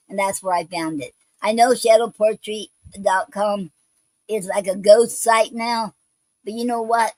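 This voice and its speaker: A woman's voice: mid-range voice, a little mellow, no echo, low-quality recording. A woman hosting a poetry show, reading poems and explaining a poetic form in a hesitant way, with many ums and restarts.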